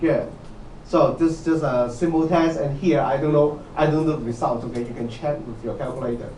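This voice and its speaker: A man's voice: a little high, fairly even intonation, a little fast, warm tone, slight background noise. A man lecturing on programming, who often checks with "okay?" and quizzes his students. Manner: repetitive, asks students questions, many "okay"s. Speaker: university lecturer. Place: lecture hall. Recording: echoey lecture hall, mic at a distance.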